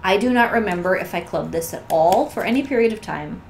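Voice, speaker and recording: Enthusiastic woman, voice going hoarse. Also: medium pitch, lively intonation, brisk. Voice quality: slightly hoarse, strained. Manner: enthusiastic, gushing, conversational. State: losing her voice. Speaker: vlogger reviewing wax melts. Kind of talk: casual show-and-tell chat. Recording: echoey room with faint noise.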